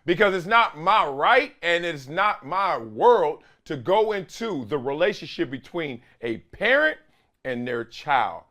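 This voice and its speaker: A man hosting a sports commentary show, talking in an animated, emphatic, slangy way and stretching words for stress. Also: a little high, a little slow. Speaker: host.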